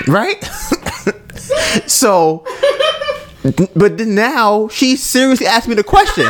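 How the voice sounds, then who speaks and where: A man's voice: high voice, fairly bright tone, a little hiss or hum. A man hosting a podcast, telling a story in a casual chat, laughing often and tagging sentences with "right?". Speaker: podcast host.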